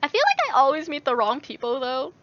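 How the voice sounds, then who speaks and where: A woman's voice: high voice, wildly swooping pitch, brisk, fairly bright tone, dull audio. A young woman vlogger chatting casually on a livestream, rambling with lots of fillers and reading viewer messages aloud. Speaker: YouTuber answering chat.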